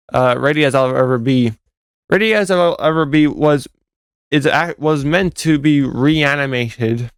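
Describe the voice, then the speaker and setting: A man's voice: mid-range voice, clear, resonant tone, no room sound, studio quality. A young man, a fan game developer, casually commenting over footage, rambling and correcting himself as he goes. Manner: rambling, self-correcting, laughs at own jokes.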